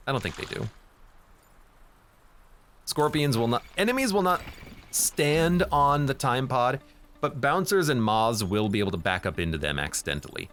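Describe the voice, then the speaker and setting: A man's voice: medium pitch, fairly bright tone, a little hiss or hum. A man streaming a strategy game, thinking aloud as he plans each move and often correcting himself. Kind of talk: live game commentary.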